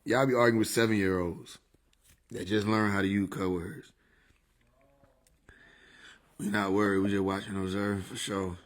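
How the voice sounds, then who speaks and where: A man's voice: lowish voice, level tone, moderate pace, pauses often, slight background noise. A man chatting casually on a livestream, laid-back and slangy, laughing often. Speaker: livestream host.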